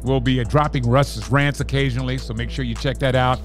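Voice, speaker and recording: A man's voice: mid-range voice, steady tone, a little fast, faint music behind. A man hosting a podcast, delivering an indignant, sarcastic political rant with heavy emphasis. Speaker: podcast host.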